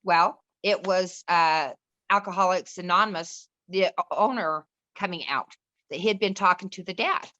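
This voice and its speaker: A woman's voice: on the low side, normal speed, bright, forceful tone, dull audio. A middle-aged woman, a podcast guest, telling a personal story in an earnest, rambling way. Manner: earnest, rambling, restarts and quotes others. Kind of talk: casual storytelling chat.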